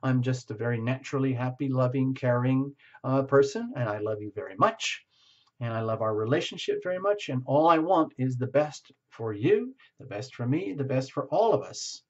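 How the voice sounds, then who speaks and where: A man's voice: mid-range voice, expressive, normal speed, dull audio, lightly acted. A man voicing a cheerful, doting romantic partner in a near-natural tone during a tarot reading. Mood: sweetly defensive.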